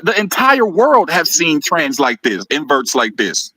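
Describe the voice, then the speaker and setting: A man's voice: a little high, very animated, measured pace, hardly any pauses, sharp tone, husky, dry recording, rough recording. A man hosting a live video stream, talking in a heated, mocking way, laughing often and tripping over repeated words. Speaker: host of a live video show.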